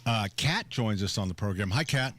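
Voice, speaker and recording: An older man hosts a call-in radio show, his voice sitting somewhat low. He jokes dryly and lets his lines trail out slowly. It is easygoing talk with callers and co-hosts. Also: expressive, fairly bright tone, a little hiss or hum. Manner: dry joking, drawn-out. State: hearing loss.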